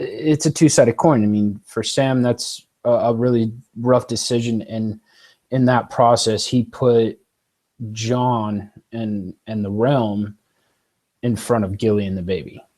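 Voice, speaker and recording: A man on a podcast panel giving a measured, two-sided view. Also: fairly low pitch, dark tone. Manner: measured, weighs both sides. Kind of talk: casual book discussion.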